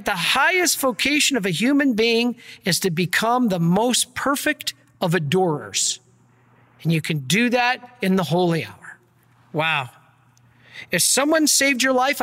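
A man, a priest, giving an earnest and energetic sermon with slides. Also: very high-pitched, unhurried, in a large hall. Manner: earnest, energetic preaching, gets worked up.

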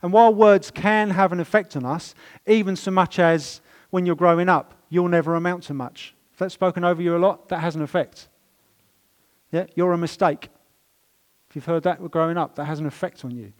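A man's voice: high-pitched, steady tone, brisk. Emphatic preacher, man. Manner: storytelling, emphatic preaching with swings in loudness. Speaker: pastor. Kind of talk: sermon. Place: church.

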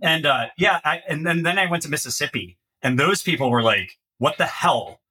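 A male podcast host with a Midwestern accent tells stories and asks his questions in an animated way. His voice is husky yet sharp and bright in tone. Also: fairly high pitch, brisk. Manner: animated storyteller who quotes other people. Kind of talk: casual interview talk.

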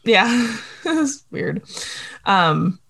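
A woman's voice: a little high, very slow, gravelly, breathy edge. A woman co-hosting a casual chat, recapping with lots of laughter and playful acted-out lines. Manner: animated, laughs often, acts out characters' lines. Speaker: podcast co-host recapping a TV episode.

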